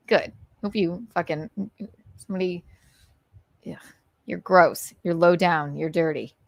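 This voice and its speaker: A woman in her thirties with a fairly low voice hosts a late live stream, speaking unhurriedly with long pauses. She rambles, gets a little teary as she chats with viewers and signs off, and the studio sound is clean with no room sound.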